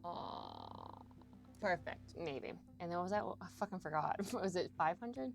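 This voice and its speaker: This fairly low, creaky voice swoops wildly in pitch and moves unhurriedly. It belongs to a young adult woman doing casual live-stream commentary on a game, chatting to viewers and swearing often while she figures out a puzzle.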